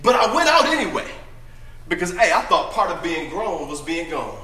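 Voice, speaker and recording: A man performing a dramatic first-person monologue as a brash, boastful young prodigal son, emphatic and often shouting. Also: a little high, big pitch swings, normal speed, roomy sound.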